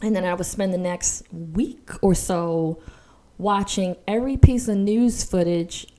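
A woman in her forties telling a personal story in casual chat, animated and acting out what people said. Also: lowish voice, a little slow. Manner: animated storytelling, acts out quoted voices.

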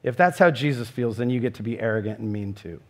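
A man's voice: medium pitch, fast. A middle-aged man preaching a sermon in an earnest way, rising into emphatic questions. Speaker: pastor.

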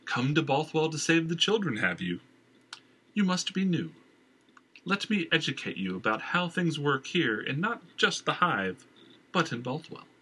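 Man voicing a silky, calm guild boss woman. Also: on the high side, husky, pitched above the performer's own voice, exaggerated voice. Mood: coolly taunting. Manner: calm, measured, purring.

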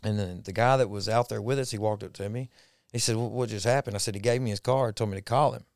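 A man recounts his testimony in a low, gravelly voice. He talks in a folksy way and repeats himself when moved. The sound is close and dry. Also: steady tone, fast, dry recording. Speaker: podcast guest. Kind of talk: personal testimony storytelling.

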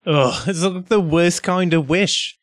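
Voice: mid-range voice, slow, dry recording, clean studio sound. A player at a tabletop game who talks loosely and casually, with lots of "like".

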